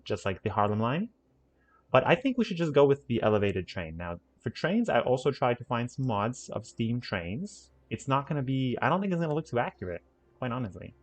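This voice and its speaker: A gaming channel host with a medium-pitched, slightly mellow voice gives casual let's-play commentary on a city-building game. He rambles, corrects himself, and throws in playful asides.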